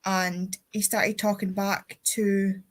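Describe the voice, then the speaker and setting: A young adult woman from Scotland, speaking with a Scottish accent, hosts a casual readathon livestream chat, telling rambling anecdotes with the odd swear word. Her mid-range voice is slow and shows little pitch movement.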